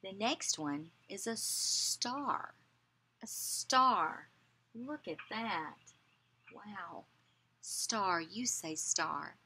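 Slow, breathy woman teaching young children. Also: medium pitch, lively intonation, pushed and bright. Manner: slow, encouraging, repeats words for children to echo. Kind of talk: children's lesson, call and response.

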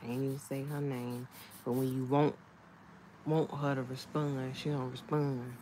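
A woman's voice: very deep voice, level tone, measured pace, dark tone, slight background noise. A woman, chatting casually at home while doing her own nails, often laughing and talking to her nails. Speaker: nail vlogger. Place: home, indoors.

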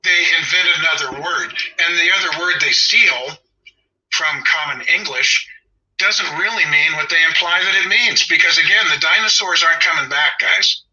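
A man's voice: a little high, normal speed, sharp tone, husky. A man in his sixties with a Southern Californian accent, a dog trainer talking in a casual chat, opinionated and wry, drifting into side stories. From Los Angeles. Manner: opinionated, wry, digressive storyteller. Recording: dull lo-fi audio.

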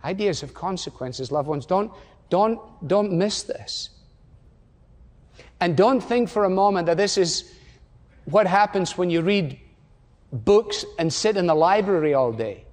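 A man in his sixties preaches with a notably high-pitched voice, pressing his listeners with rhetorical questions and emphatic repetition. His voice rings out with the long reverb of a large church auditorium. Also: lively intonation, measured pace, pauses often, a little mellow. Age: 60s. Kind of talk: sermon.

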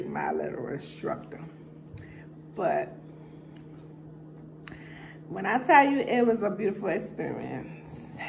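A woman with a New York accent tells family stories for her vlog at an unhurried pace, her voice gravelly and full of fry. She tells them in an animated way and acts out the people in them. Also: on the low side, background noise. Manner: animated storyteller acting out voices. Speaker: mother telling family stories. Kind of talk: casual storytime vlog.

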